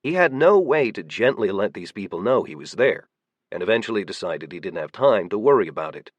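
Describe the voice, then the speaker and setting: A man giving steady, measured audiobook narration. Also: fairly low pitch, breathy edge, dry recording, lo-fi sound.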